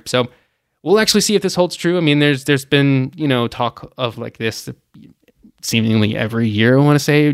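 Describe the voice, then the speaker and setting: Recorded at studio quality with no room sound, a medium-pitched man goes over travel news on his podcast. He keeps it casual and opinionated, chatting his way through with commentary and plenty of "you know" fillers.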